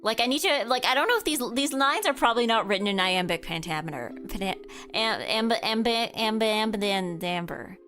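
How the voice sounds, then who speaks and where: A woman's voice: mid-range voice, bright, forceful tone. A woman streamer chatting playfully and self-mockingly while playing a video game. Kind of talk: let's-play commentary. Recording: faint game music behind.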